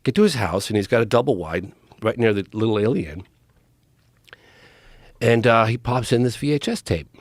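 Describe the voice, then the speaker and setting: A man telling a story on a podcast in an excited, animated way, with quoted lines in his telling. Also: lowish voice, moderate pace, pauses often, dry recording, clean studio sound. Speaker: podcast guest. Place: podcast studio. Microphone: studio mic, close.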